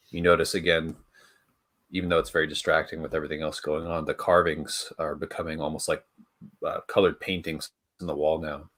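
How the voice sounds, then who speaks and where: A man's voice: extremely low pitch, fairly bright tone. A man narrating a tabletop role-playing game as game master, searching for words with many restarts and fillers.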